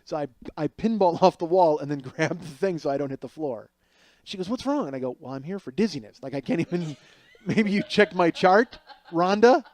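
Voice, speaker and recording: A man's voice: on the high side, brisk, dark tone, no echo. A middle-aged man telling a comic story as a podcast host, acting out other people's voices as he goes.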